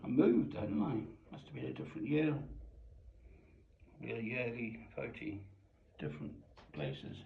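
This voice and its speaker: An older man from South Africa reminiscing over family photos, musing aloud with frequent chuckles and softly repeated words. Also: mid-range voice, expressive, normal speed, vocal fry, pauses often, a little hiss or hum. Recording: roomy, dull lo-fi recording.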